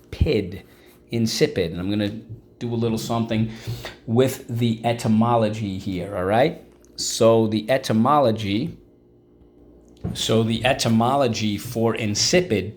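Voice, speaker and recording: A man's voice: lowish voice, a little hiss or hum. A man teaching a vocabulary lesson, repeating words syllable by syllable and asking the class questions. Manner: asks class-style questions like "What's the word?".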